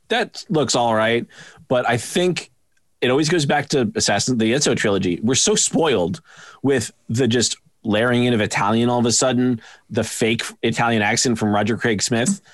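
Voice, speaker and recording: A man talking casually as a podcast co-host, animated, acting out quoted reactions with big jumps in pitch. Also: no echo, clean studio sound. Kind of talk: casual chat.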